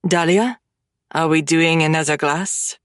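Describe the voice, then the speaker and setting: A woman reading an audiobook voices a suave, sardonic French male friend, pitched lower than her own voice. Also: steady tone, a little slow, fairly bright tone, clear, resonant tone, dry recording, clean studio sound. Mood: teasing. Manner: playful, sardonic.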